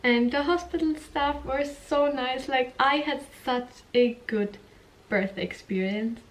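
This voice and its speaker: Young woman vlogging, slow unhurried talk, lots of giggles, acts out the voices in her story. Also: high voice. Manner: candid, giggly, acts out quotes. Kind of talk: casual storytelling vlog.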